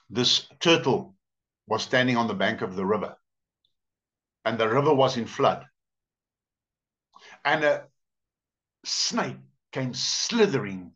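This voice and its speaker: A male pastor preaches a sermon at a church service, telling stories with expressive swings in pitch. He is emphatic and draws out his words, captured on a dull, lo-fi church recording.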